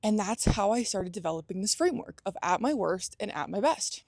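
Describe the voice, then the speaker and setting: A woman's voice: medium pitch, expressive, brisk, darkish tone, no echo, studio quality. A young adult woman hosting a motivational talk, speaking earnestly with frequent restarts and acted-out inner thoughts. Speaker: host.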